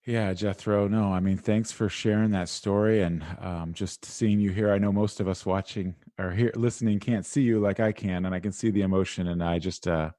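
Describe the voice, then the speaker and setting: A man as an interview guest talking about teenagers, animated and conversational, peppered with "like" and "right?". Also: low-pitched, moderate pace, hardly any pauses, no room sound, clean studio sound. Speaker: guest, education speaker. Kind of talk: interview answers.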